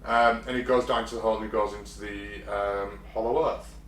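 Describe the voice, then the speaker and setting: A man's voice: lowish voice, fairly even intonation, fairly quick, fairly bright tone. A man co-hosting a casual podcast, telling a story with lots of ums and restarts. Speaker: podcast co-host. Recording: roomy, distant mic, faint hum.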